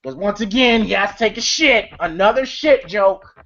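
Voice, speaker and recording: A woman's voice: mid-range voice, expressive, moderate pace, fairly bright tone, highs cut off, a little hiss or hum. Rambling, profane woman movie reviewer. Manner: rambling, profane, laughs often, many fillers. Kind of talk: casual retelling of film scenes.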